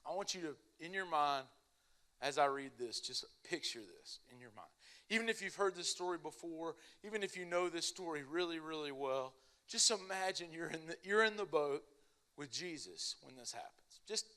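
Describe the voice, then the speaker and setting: A young man preaching a casual, animated sermon, telling stories in an everyday way. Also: fairly high pitch, moderate pace. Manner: animated, casual storytelling with lots of "like".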